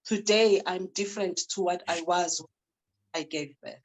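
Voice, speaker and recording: A woman's voice: lowish voice, steady tone, measured pace, poor audio. Earnest woman sharing a personal story. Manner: earnest, recounting with some hesitation. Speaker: panel guest. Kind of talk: personal testimony.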